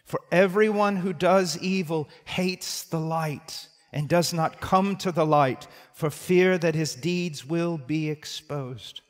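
A man in his sixties preaching a sermon, moving between forceful emphasis and hushed tones and repeating his key phrases. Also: a little high, slow pace, hardly any pauses. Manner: dramatic swings from loud emphasis to hushed tones. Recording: long hall reverb.

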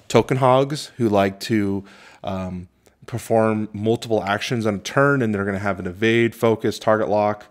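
A man with a somewhat low voice talks through a tabletop game review in a casual way. He reads the card text slowly and stops often to think, with plenty of ums and restarts between points. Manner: halting, many fillers, reads rules slowly.

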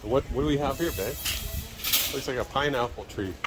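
A Canadian man giving relaxed, casual walking commentary to his viewers and partner at a garden nursery. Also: medium pitch, normal speed. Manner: relaxed, chatty, addresses viewers and partner often. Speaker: travel vlogger. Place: garden nursery, outdoors and in greenhouse. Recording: outdoor recording with background noise.

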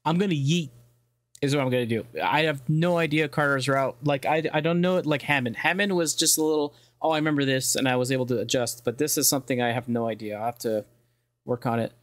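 A man's voice: mid-range voice, quick pace, no echo. A young man speedrunning a game and narrating it casually, cracking crude jokes, swearing freely and laughing often. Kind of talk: casual gameplay commentary.

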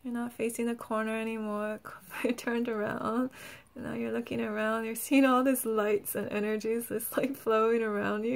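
A woman energy healer who talks gently and soothingly in a guided healing session, laughing often and saying "like" a lot. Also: on the high side, little pitch movement, normal speed, gravelly.

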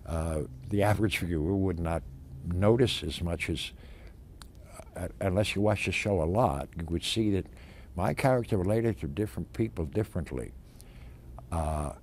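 An older man, an actor, reminiscing in an interview in a halting way, with many fillers and restarts. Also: low voice, slight background noise. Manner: halting, many fillers and restarts, animated when stressing points.

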